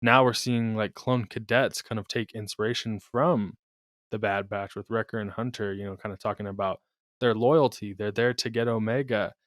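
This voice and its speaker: A man's voice: lowish voice, steady tone, normal speed, no room sound, studio quality. A man co-hosting a podcast in casual chat. He is laid-back, laughs often and swears casually. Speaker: podcast co-host.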